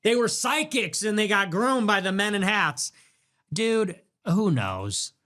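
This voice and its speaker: Young guy streamer ranting at chat, crude and sarcastic, slightly high voice. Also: very animated, slow, bright, forceful tone. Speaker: livestream host. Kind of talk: casual livestream chat.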